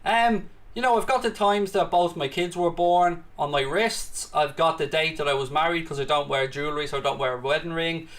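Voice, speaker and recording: A man's voice: on the high side, steady tone, a little fast, hardly any pauses, fairly bright tone. A man with a British accent hosting a live football watchalong, mixing play-by-play commentary with cheeky banter aimed at viewers in the chat. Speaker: watchalong host.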